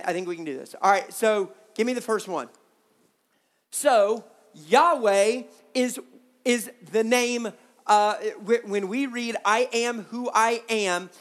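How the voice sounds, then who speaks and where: A preacher giving a sermon at a youth camp, with joking asides to the crew and audience, slowing down to stress key words. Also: mid-range voice. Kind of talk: sermon with slides.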